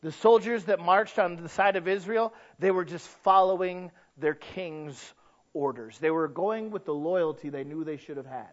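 A man preaching a sermon as pastor, dramatic, dropping soft then bursting into shouts. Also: fairly high pitch, normal speed, dull audio.

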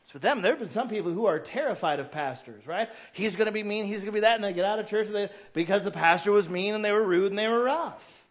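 A man in his thirties preaching a sermon, telling stories and acting out shouting parents. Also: sits high, expressive, quick pace, few pauses, dull audio. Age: 30s. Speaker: pastor.

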